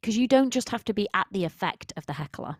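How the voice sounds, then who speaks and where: A woman's voice: medium pitch, animated, fast, no echo, studio quality. A woman confidence coach talking through a solo podcast episode in an emphatic, direct, conversational way.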